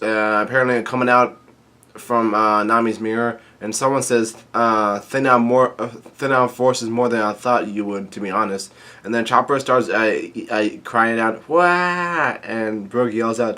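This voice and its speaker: A man recaps a manga chapter casually, reading lines aloud and rambling with plenty of fillers and restarts. His voice is lowish and sharp, with fairly even intonation and a normal speed.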